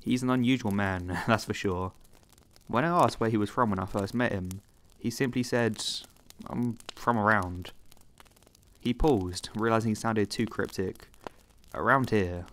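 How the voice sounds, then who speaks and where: Man, low voice, calm steady narrator for a horror story compilation. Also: normal speed, slight background noise. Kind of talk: scripted narration.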